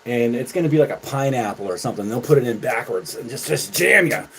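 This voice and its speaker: A man's voice: medium pitch, fast, a little hiss or hum. Profane, mocking male livestreamer. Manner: mocking, profane, laughing often, swings from loud to muttering. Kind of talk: livestream rant to chat.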